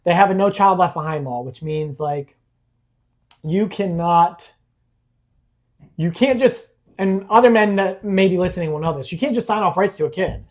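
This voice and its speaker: A man's voice, sitting high, belongs to a podcast guest telling a personal story earnestly. He speaks haltingly, with fillers and restarts.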